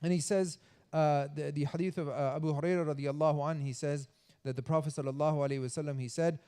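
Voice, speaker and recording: A man's voice: on the high side, fairly even intonation, quick pace, mellow, clean tone, in a large hall. Man giving a casual mosque talk. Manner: conversational, acts out gossiping voices. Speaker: mosque speaker. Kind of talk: sermon. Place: mosque hall.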